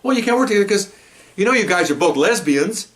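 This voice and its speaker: A man playing a blunt, bullying male police sergeant who talks in a loud, scornful, dismissive way. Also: high-pitched, expressive, fast talker, voice pushed up.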